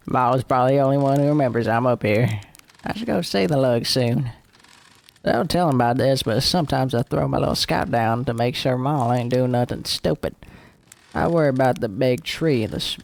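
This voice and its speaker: A lonely alien lookout keeper talks in a slow, rural drawl, voiced by a man reading game text aloud. The tone stays dry and wry. The voice sits at an ordinary middle pitch for a man. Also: gravelly, darkish tone, close to an everyday voice. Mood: chatty. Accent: put-on rural drawl.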